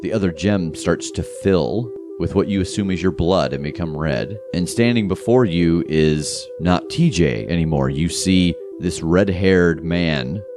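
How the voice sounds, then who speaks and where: Deep-voiced man running a tabletop game. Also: measured pace, few pauses, music in the background. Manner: laughs while narrating. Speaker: game master.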